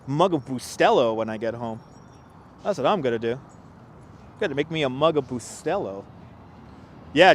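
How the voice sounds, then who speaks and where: A man's voice: a little high, slight background noise. Chatty man livestreaming outdoors in the cold. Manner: chatty, laughing often, reading viewer comments aloud. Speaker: livestream host and tour guide. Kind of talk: casual walking livestream chat. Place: outdoors in a city park at sunset, cold. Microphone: wireless clip-on mic.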